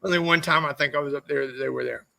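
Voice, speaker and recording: A man with a high, gravelly voice spins loose, swearing-heavy racing tales in a casual podcast chat. His tone is bright and sharp, and his stories wander from one anecdote to the next. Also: fairly even intonation, racing, poor audio. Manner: profane, rambling anecdotes. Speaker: podcast guest, former motorcycle racer. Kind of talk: casual storytelling interview.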